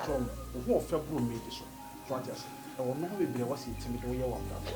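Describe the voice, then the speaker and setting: A man, acting a loud, boastful houseboy in a comic drama. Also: mid-range voice, fast. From Ghana. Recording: music playing behind.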